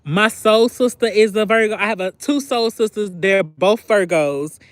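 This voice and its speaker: A young man with a high, light voice talks openly on a livestream, confiding and playful. He acts out little phone conversations in quick voices and keeps clearing his throat. The sound is close and dry, with no room around it. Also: no echo. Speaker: livestream host. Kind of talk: candid personal livestream chat.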